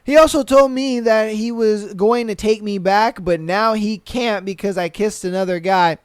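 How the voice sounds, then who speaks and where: A young man hosting a podcast, reading listener stories aloud and reacting with blunt, profane, animated commentary. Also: sits high, moderate pace, clear, resonant tone, dry recording, clean studio sound. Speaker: podcast host.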